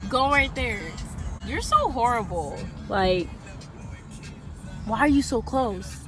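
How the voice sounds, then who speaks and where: A woman's voice: fairly high pitch, expressive, slow pace, over music. A young woman coaching a friend at the wheel, bossy and sassy, swearing freely. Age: young adult. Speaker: driving instructor friend. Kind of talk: casual chat. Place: inside a car.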